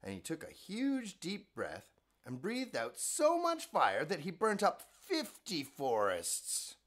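A man hosting a children's bedtime show, narrating stories in a gentle, playful, expressive way. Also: high voice, slow.

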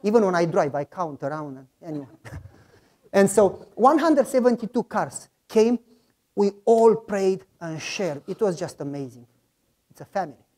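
Pastor telling a lively testimony story. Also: male voice, high-pitched, moderate pace. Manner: lively storyteller who acts out the people in his stories; loose, slightly broken grammar.

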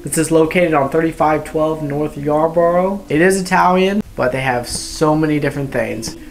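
A man's voice: fairly high pitch, normal speed. A man reviewing a restaurant in a casual vlog, gushing with enthusiasm and tossing in playful asides.

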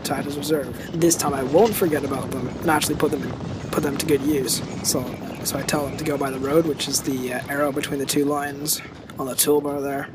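Man narrating a strategy game, fairly high voice. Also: fairly quick, very noisy. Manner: relaxed, rambling, self-correcting. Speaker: game video host. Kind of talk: casual gameplay commentary. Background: loud background music.

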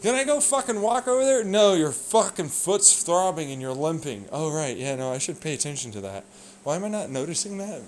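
A man in a rambling, profane vlog rant that swings between low muttering and loud outbursts. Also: expressive, fairly quick, a little hiss or hum. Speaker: vlogger. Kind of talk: ranting monologue.

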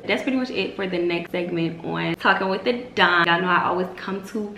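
A woman in her twenties giving emphatic, repetitive motivational faith talk as a vlog host, with sudden loud high exclamations. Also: brisk. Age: 20s. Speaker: vlogger host. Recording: roomy echo with faint hiss.

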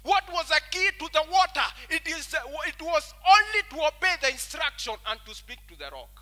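A man's voice: extremely high pitch, very animated, normal speed, bright, forceful tone. A man with a Kenyan English accent preaching a sermon in a large church hall, breaking often into repeated praise refrains. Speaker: pastor. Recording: echoey church hall, music behind.

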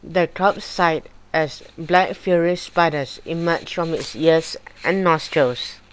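Slow, low-voiced woman reading aloud. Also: a little hiss or hum, low-quality recording. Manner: slow, deliberate and even. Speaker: storybook reader. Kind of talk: audiobook narration of a horror chapter.

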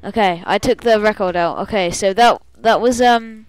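A woman's voice: mid-range voice, moderate pace, clear, resonant tone, dry recording, rough recording. A woman playing a video game and acting as game master, reading a quest aloud with drama and yelping when things go wrong. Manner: reads dramatically, then yelps and complains.

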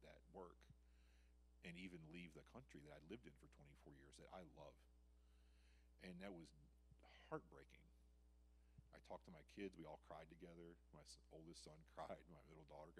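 A man preaching a sermon as a missionary, in a conversational way that swings between loud emphasis and quiet reflection, often restarting his sentences. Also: sits low, a little hiss or hum.

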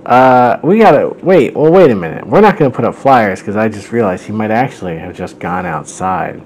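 A man voicing a bumbling, flustered monster king who is also a father, in an excited, rambling way. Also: on the low side, fairly quick, slight background noise, close to an everyday voice, poor audio.

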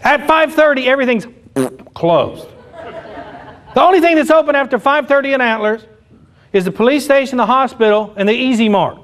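A man's voice: very high-pitched, lively intonation, a little fast, long pauses, a bit bright, a faint crowd. A man doing a conversational stand-up comedy set, laughing at his own punchlines. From Oklahoma. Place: comedy club stage with live audience. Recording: live club recording with audience laughter.

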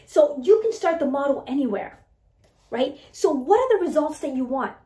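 A woman coaching her listeners on mindset, talking in an animated way and asking "right?" again and again. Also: high voice, moderate pace, roomy sound. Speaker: mindset and weight-loss coach. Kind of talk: motivational talk to listeners.

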